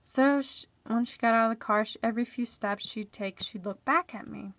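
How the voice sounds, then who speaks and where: A woman interprets a storyteller's account aloud in the first person, pausing and restarting as she goes. Her voice sits a little high and often sinks to a soft whisper. The recording is dry and close, with no room sound. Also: dry recording.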